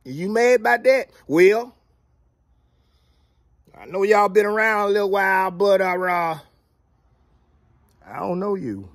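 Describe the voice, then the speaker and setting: A man's voice: sits high, animated, slow pace, long pauses, no echo. A man giving a casual football recap, drawling and playfully trash-talking. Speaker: sports commentator vlogger.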